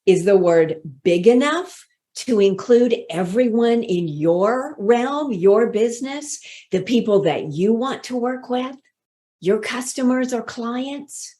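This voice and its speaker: A woman leadership speaking coach giving a motivational workshop talk in a deliberate, inviting way. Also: on the high side, expressive, warm tone. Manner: slow, deliberate, inviting delivery.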